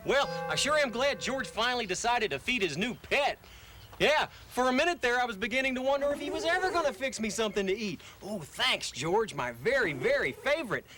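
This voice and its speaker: A man's voice: extremely high pitch, big pitch swings, brisk, music in the background. A man voicing an eager pet dog who begs for a walk. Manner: eager, pleading.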